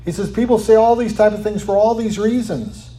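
Man, pastor preaching, slightly high voice, rhetorical questions, frequent "right?", quiet emphatic drops. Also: a little fast. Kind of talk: sermon.

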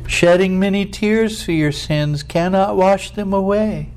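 Male preacher, high voice, slow deliberate delivery, folksy emphatic sermon style. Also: darkish tone, clean tone, rough recording. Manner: folksy, drawn-out emphatic phrasing.

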